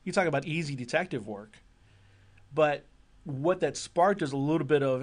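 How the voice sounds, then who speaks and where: A man's voice: medium pitch, normal speed. A man co-hosting a casual gaming podcast, rambling and joking, with lots of fillers and restarts. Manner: rambling, joking, self-interrupting. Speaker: podcast co-host.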